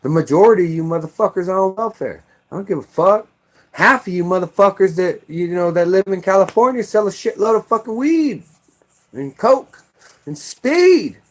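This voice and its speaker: A middle-aged American man with a noticeably high-pitched voice rants furiously. He swears constantly and breaks into shouted bursts. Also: animated, normal speed. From United States. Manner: heated, profane, shouting bursts. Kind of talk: angry political rant.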